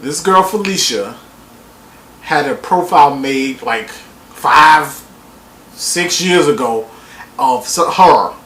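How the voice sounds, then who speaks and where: A woman recapping a reality TV episode in a casual vlog, profane and animated, acting out quotes in exaggerated voices. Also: deep voice, slow, long pauses. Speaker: TV show reviewer. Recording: roomy echo.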